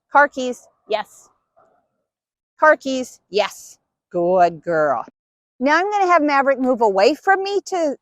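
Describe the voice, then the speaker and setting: Woman, dog trainer, patient instructional tone, fairly high pitch, dry close sound. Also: no room sound. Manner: patient, explains step by step while giving dog cues. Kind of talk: instructional demonstration.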